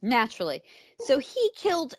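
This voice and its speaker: A woman's voice: sits high, wildly swooping pitch, normal speed, no room sound, studio quality. A woman with an American accent, co-hosting a podcast and recapping a true-crime story in a casual, blunt, conversational way. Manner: conversational, blunt, with fillers and asides. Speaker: podcast co-host.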